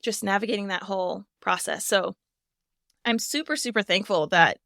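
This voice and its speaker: A woman's voice: medium pitch, normal speed, creaky, no room sound, studio quality. A woman in her thirties hosting a podcast, chatty and laughing often as she talks. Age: 30s. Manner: chatty, warm-hearted, laughs often, many "like" fillers. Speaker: podcast host. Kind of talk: casual conversation.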